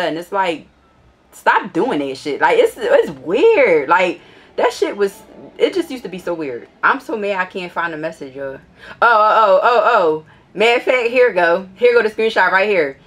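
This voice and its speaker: A woman's voice: normal speed, slightly rough. A young woman telling a casual storytime vlog, blunt and profane as she reads out old messages. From Philadelphia. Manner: blunt and profane, gets animated and higher when annoyed. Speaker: vlogger.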